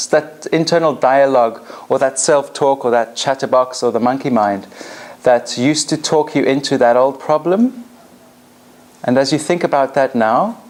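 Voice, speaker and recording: A woman trainer leading a live coaching demonstration in front of an audience, animated and directive. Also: very deep voice.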